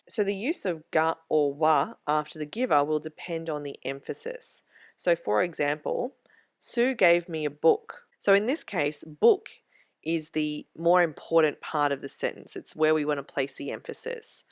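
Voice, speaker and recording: A woman tutor explaining Japanese grammar slide by slide, in a clear, measured way, slowing down for example sentences. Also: deep voice, no echo, clean studio sound. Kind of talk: slide-based grammar lesson.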